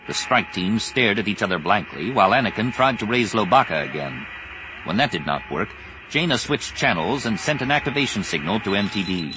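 A man narrating an audiobook in an expressive, measured storytelling voice, with music underneath. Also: on the low side, noisy background. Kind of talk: scripted narration.

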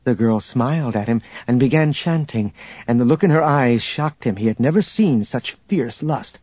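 A man narrating an adventure audiobook in a steady, measured storytelling manner, on a dull lo-fi recording. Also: mid-range voice, breathy edge, no room sound. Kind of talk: scripted narration.

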